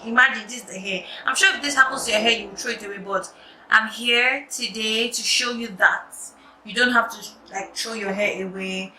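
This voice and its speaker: Young woman, casual vlogger, bright tone, room echo and faint background noise. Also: on the high side. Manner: chatty, animated, drops to quiet asides. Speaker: wig maker vlogger. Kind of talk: casual storytelling tutorial. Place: room at home at night. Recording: echoey room, distant mic, faint noise.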